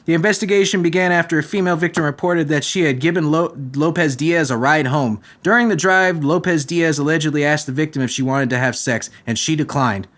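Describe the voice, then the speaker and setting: A man's voice: fairly high pitch, fairly quick, hardly any pauses, a bit bright. A young man hosting a comedy podcast, reading news stories aloud and breaking into crude, mocking rants. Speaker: podcast host.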